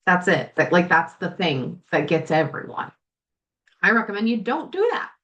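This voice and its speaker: A woman's voice: lowish voice, sing-song, normal speed, a bit bright, highs cut off. Blunt, profane woman coaching host. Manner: candid and profane, swears freely, talks straight to the listener. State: tearful at times. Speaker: life coach and podcast host. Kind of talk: solo podcast monologue.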